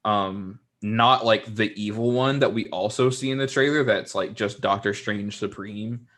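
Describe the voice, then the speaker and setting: Laid-back young man, low voice. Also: a little slow, fairly bright tone. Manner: rambling, filler-heavy, laid-back with mocking asides. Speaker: podcast co-host. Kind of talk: casual chat.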